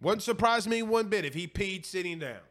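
A man hosting a casual college football live stream, reading viewer comments and giving blunt, animated opinions, often repeating himself for emphasis. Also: high-pitched, moderate pace. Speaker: host of a college football show.

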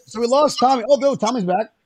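High-voiced joking male podcast host. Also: fast, no room sound. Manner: joking, teasing. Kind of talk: casual banter.

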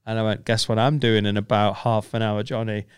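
A man's voice: lowish voice, little pitch movement, brisk, smooth. A man, a comedian guest telling anecdotes on a casual podcast, acting out other people's voices and swearing freely.

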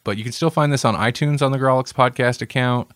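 A man's voice: medium pitch, fairly even intonation, fast, a bit bright, no echo. A man hosting a podcast in casual chat, joking and rambling with frequent laughs. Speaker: podcast host.

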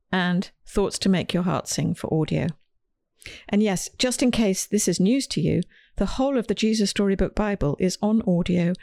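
A woman's voice: mid-range voice, darkish tone, dry recording. A woman podcast host and children's author, telling a scripted story with dry humor.

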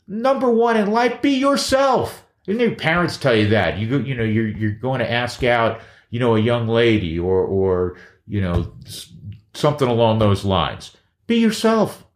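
A man hosting his own podcast, reading ads and chatting in an energetic, emphatic way that repeats key phrases. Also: mid-range voice, moderate pace, echoey room. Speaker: podcast host. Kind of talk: casual chat and live ad reads.

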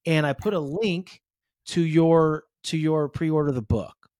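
A man hosting a podcast in casual interview chat, animated and peppering his talk with "right?" and "you know". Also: on the high side, measured pace. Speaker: podcast host.

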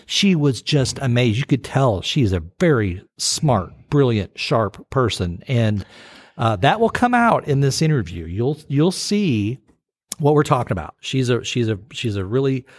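A man co-hosts a podcast in easygoing chat, rambling through fillers and false starts. His voice sits in a middle pitch. The recording is close and dry, with no room sound. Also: big pitch swings, a little slow, dry recording. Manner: rambling, many fillers and restarts. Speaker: podcast co-host. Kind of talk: casual chat.

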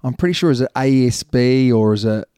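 A man's voice: mid-range voice, fairly quick, warm tone, clean tone, dry recording, clean studio sound. A man hosting a casual quiz chat, thinking aloud and guessing hesitantly.

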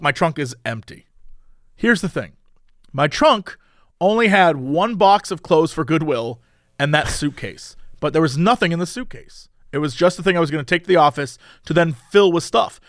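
A man telling a story in casual chat, animated and exasperated, swearing now and then. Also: sits high, dry recording, clean studio sound. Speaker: podcast host telling a story.

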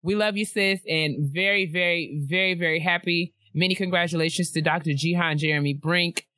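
Young woman co-host, playful and animated, bright voice, dry close mic. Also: fairly low pitch, a little fast, no room sound. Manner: animated, laughing often, playful asides. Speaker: podcast co-host. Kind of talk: casual chat reading listener emails.

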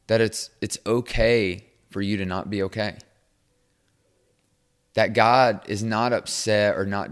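Devotional host, male, very low voice, earnest and encouraging, casual delivery that softens to a hushed prayer. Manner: quiet and hushed when praying.

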